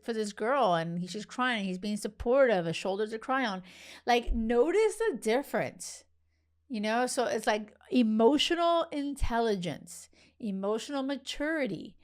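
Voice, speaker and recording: A woman hosting a casual podcast, talking chattily with lots of fillers and the odd laugh, giving dating advice. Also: mid-range voice. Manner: animated, lots of "like", laughs often.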